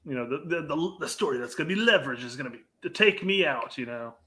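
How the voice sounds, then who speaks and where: A man co-hosting a soccer podcast in casual chat, halting and repeating words, with a sarcastic edge. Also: on the high side, expressive, bright, forceful tone. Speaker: podcast co-host.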